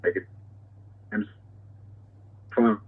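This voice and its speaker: A male singer answers interview questions over a tinny phone line. He talks earnestly, stumbling and restarting his sentences. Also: drawn-out words. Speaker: singer, guest.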